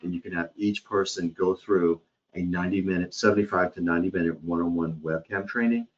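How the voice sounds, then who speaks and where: A man's voice: low-pitched, fairly even intonation, brisk. A man presenting a live hospitality training webcast in a conversational way, often checking in with his listeners. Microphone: computer or headset mic on a webcast. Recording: dull lo-fi webcast audio.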